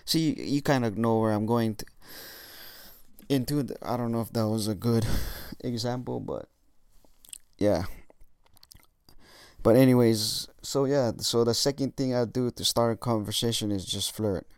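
A man's voice: mid-range voice, measured pace, darkish tone, smooth, no room sound, clean studio sound. A young man giving casual dating tips in a monologue, swearing often and using lots of fillers. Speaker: dating coach vlogger.

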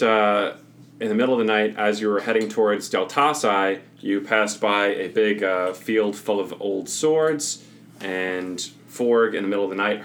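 A man with a fairly low voice narrates a tabletop game as its game master. He talks casually and corrects himself often, over a faint hiss. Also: a bit bright. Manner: casual, laughing, self-correcting.

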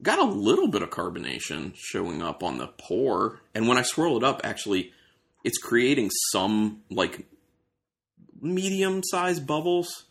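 A man's voice: medium pitch, wildly swooping pitch, unhurried, gravelly, fairly bright tone. A man hosting a casual beer tasting, describing aroma and flavor as he thinks aloud. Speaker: beer reviewer host.

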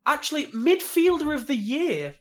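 A man's voice: extremely high pitch, sing-song, normal speed. A man hosting a casual football quiz, calling on players and confirming their answers. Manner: calls names, confirms answers, lists teams. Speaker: quiz host.

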